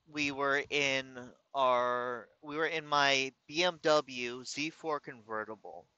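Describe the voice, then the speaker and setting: A man from California telling a personal story in a slow, reflective, casual way, pausing and restarting as he goes. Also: mid-range voice, sharp tone, clear, resonant tone, no echo, lo-fi sound. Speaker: vlogger.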